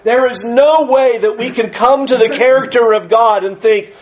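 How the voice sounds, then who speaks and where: A man's voice: extremely high pitch, normal speed, hardly any pauses, low-quality recording. A man preaching a Bible lesson in an earnest, emphatic way, acting out the voices he quotes. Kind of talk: sermon lesson.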